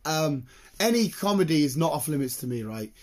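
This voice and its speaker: Late-twenties man, husky and a bit high, laughing storyteller in a casual chat. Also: big pitch swings. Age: late 20s. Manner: laughing, rapid storytelling, swears freely. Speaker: construction worker.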